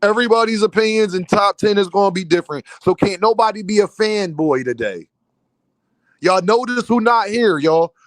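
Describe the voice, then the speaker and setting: A man's voice: high-pitched, lively intonation, normal speed, no room sound. A man hosting a livestream in casual commentary, emphatic and repeating his points straight to the chat. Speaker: livestream host. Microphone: streaming mic.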